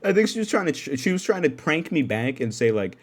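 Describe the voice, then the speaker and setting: A young man hosting a podcast from his dark room at home, telling a story in an animated, profane way and laughing often. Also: on the high side, fairly quick. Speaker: podcast host. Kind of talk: casual storytelling.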